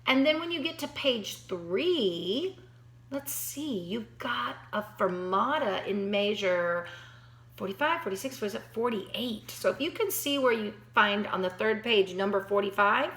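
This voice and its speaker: A woman's voice: medium pitch, lively intonation, a little slow, fairly bright tone. A woman giving a piano lesson, talking straight to her student in an encouraging way, thinking aloud and counting beats. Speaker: piano teacher. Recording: roomy echo.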